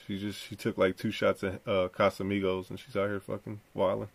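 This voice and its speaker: A man's voice: fairly low pitch, flat delivery, a little fast, gravelly. A young man hosting a podcast, rambling and profane as he reacts to clips and tells a story. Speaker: podcast host. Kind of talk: casual commentary reacting to clips.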